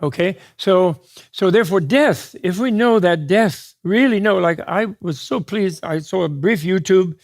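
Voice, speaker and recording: A man giving a dharma talk to an audience as a Buddhist teacher, digressive and joking, often restarting mid-thought. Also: high voice. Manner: digressive, joking, quick asides with laughs.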